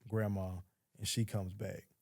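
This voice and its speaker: A man with a low, gravelly voice sits down as a podcast guest and tells his story. His tone is dark and mellow, and he talks bluntly, swears freely and acts out what other people said. The sound is close and dry. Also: flat delivery, a little slow, no room sound. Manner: blunt, profane, quotes others in dialogue. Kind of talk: casual storytelling.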